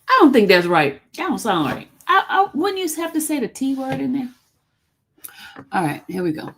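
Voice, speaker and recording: A woman's voice: sits high, wildly swooping pitch, normal speed, pauses often, fairly bright tone, husky. A woman hosting a live stream, reading a court document aloud in an informal, chatty way and stumbling over legal words. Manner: chatty and informal between read passages. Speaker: channel host.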